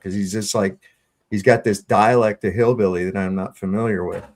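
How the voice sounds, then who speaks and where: A man's voice: fairly low pitch, a little mellow. Blunt, cussing man in casual chat. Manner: blunt, swears freely, drawn-out storytelling.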